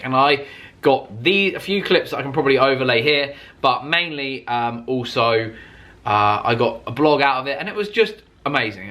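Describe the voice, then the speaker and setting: A young man, a car YouTuber, retelling a wild night in an excitable storytime vlog, swearing freely and laughing as he goes. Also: mid-range voice.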